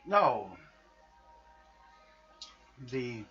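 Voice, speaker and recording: A man's voice: mid-range voice, sing-song, very slow, bright, forceful tone, exaggerated voice. A man voicing a weak-voiced male vampire count who speaks in a formal, clipped and disdainful way. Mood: weary. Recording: dull lo-fi recording, faint music behind.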